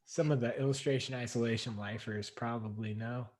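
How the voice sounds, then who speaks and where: A man hosting a livestream chat over a video call from home, chatty and quick to laugh, often restarting his sentences. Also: mid-range voice, fairly even intonation, a little mellow. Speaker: livestream host.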